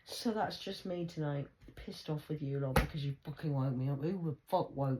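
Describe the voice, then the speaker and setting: Low-voiced woman ranting into her phone. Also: moderate pace, hardly any pauses, heavy background noise. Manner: rambling, swearing, swings between whispers and loud outbursts. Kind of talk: late-night solo phone vlog. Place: at home indoors.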